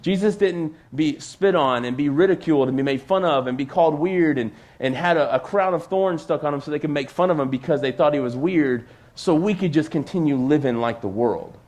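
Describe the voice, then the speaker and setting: This is a male youth pastor giving a laid-back sermon from the front of a church. His voice sits a touch higher than most men's, and he keeps it loose and conversational, full of "like" and quick asides. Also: a little mellow. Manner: conversational, peppered with "like". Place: church stage.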